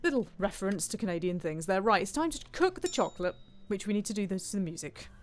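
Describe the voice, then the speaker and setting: A woman's voice: mid-range voice, lively intonation, quick pace. A woman streaming a cooking game, chatting playfully and reading viewer comments aloud. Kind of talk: casual gameplay commentary.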